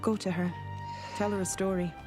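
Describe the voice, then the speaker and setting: A woman's voice: mid-range voice, level tone, brisk, lightly acted. An actress as a young woman saying a tender farewell. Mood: wistful. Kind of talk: film drama voice-over. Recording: show clip under loud music.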